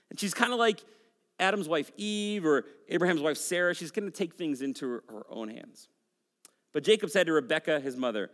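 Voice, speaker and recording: A man's voice: on the high side, lively intonation, fairly quick, a bit bright, long reverb tail. A man in his forties preaching a sermon, reading scripture with casual, joking asides. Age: 40s. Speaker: pastor.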